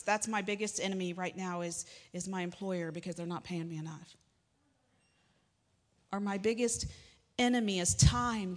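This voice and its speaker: A woman pastor preaching a sermon in a church, chatty and joking, with sudden emphatic rises. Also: mid-range voice. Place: church sanctuary. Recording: long hall reverb.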